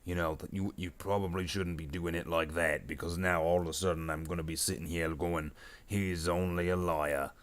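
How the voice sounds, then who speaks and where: A man's voice: low-pitched, little pitch movement, moderate pace, natural voice. A man voicing a dim, bossy male orc warboss who blusters, gets muddled and makes threats. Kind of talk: improvised comedy skit while painting.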